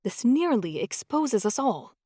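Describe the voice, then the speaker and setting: A woman narrating an audiobook voices a stern, secretive female counselor who speaks in a fierce, measured way. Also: fairly high pitch, sing-song, warm tone, breathy edge, no echo, clean studio sound, voice pushed up, heavily acted. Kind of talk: audiobook character voice.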